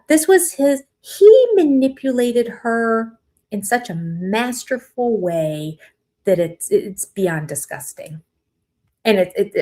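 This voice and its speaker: An older woman hosting a casual live-stream chat about a reality show, opinionated and animated, breaking into quoted voices. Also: mid-range voice.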